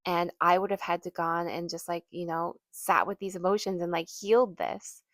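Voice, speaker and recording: A woman's voice: fairly low pitch, little pitch movement, moderate pace, fairly bright tone, no echo, studio quality. A woman podcast host telling a personal story in an earnest, casual way, full of fillers and restarts.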